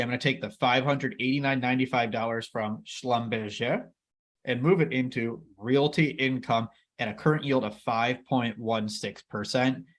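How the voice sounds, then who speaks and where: Man, investing co-host, casual chat, upbeat, talks to viewers, mid-pitched voice. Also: fairly bright tone. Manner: enthusiastic, addresses viewers as everybody.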